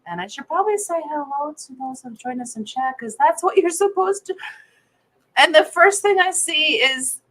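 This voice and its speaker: A woman's voice: high voice, expressive, moderate pace, a bit bright, rough recording. A woman hosting a casual morning livestream, giggling often as she greets viewers and chats with her co-host.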